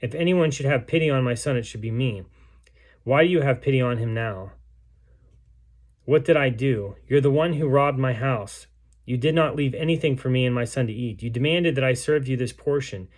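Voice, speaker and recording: A man's voice: medium pitch, moderate pace, natural voice. A man reading aloud the words of a starving, grief-stricken mother in a besieged city, in a solemn, pleading way. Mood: bitter, accusing.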